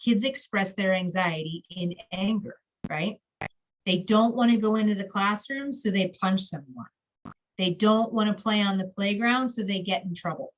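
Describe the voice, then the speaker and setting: A woman counselor gives a conversational presentation on children's anxiety to parents, pitched mid-range for a woman. She talks in a relaxed, explanatory way, checking in with "right?" as she goes, and sometimes acts out what a child or parent might say. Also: rough recording. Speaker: school counselor.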